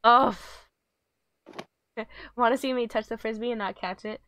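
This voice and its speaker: A woman's voice: a little high, fairly even intonation, measured pace, fairly bright tone. A woman streaming a pet video game, coaxing her virtual dog with giggly, chatty commentary. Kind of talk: casual game livestream commentary.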